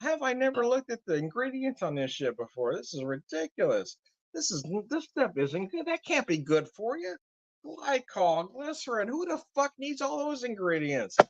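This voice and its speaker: A man's voice: very high voice, very animated, normal speed, no room sound. Profane ranting man, dull lo-fi sound. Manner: profane, laughing ranter. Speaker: whiskey vlogger. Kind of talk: casual rant to camera.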